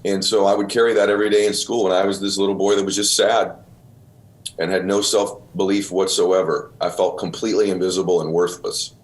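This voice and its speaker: A man's voice: sits low, level tone, a little fast. A middle-aged man, host of the show, earnestly telling a personal story and getting choked up, calling the listener brother. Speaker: podcast host.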